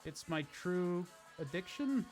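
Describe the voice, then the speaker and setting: A man's voice: sits high, lively intonation, takes it slowly, a little mellow. A man chats casually while streaming a car-building game, drifting into stories as he works. His sentences wander and restart as he thinks aloud. Game music hums faintly behind him. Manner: rambling, self-interrupting storyteller. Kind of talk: casual gameplay commentary. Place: home streaming setup. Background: game music playing faintly.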